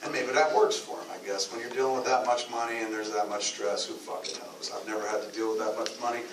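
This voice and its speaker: A man's voice: on the low side, flat delivery, quick pace, background noise. Brief: candid, foul-mouthed man fielding audience questions, roomy echo, mic at a distance. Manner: candid, profane, rambling. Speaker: filmmaker answering audience questions. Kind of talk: live Q&A talk.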